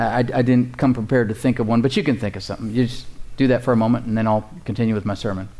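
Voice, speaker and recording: A man preaching a sermon as pastor, calling out to the congregation and slowly repeating key phrases. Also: mid-range voice, darkish tone.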